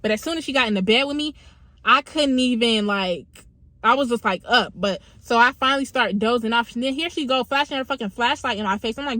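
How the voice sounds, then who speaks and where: A young woman with a slightly high voice tells a story to her viewers. Her delivery is casual, full of slang and swearing. The recording is dry and close. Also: fast, pushed and bright, dry recording. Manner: slangy, profane, conversational retelling. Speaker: vlogger.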